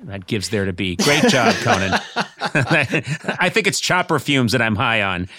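Bright-voiced man hosting a comic podcast. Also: mid-range voice, big pitch swings, no room sound, studio quality. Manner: playful, riffing, quick to laugh. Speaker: podcast host.

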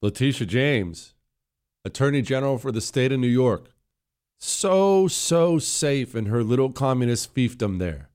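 A man's voice: medium pitch, animated, normal speed, a little mellow. A man hosting a political commentary show, talking in a combative, sarcastic and mocking way as he reacts to clips.

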